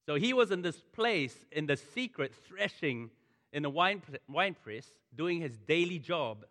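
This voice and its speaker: Impassioned preacher in a hall. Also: male voice, on the high side, animated, a little slow, a bit bright. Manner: impassioned, repeats phrases for emphasis. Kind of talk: sermon. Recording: long reverb of a large hall.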